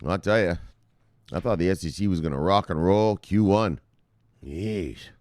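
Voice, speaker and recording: A man hosting a crypto news show, talking casually and brashly to his viewers, swearing often and reading out viewer shout-outs. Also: sits low, normal speed, no room sound, studio quality. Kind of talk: casual profane market commentary to viewers.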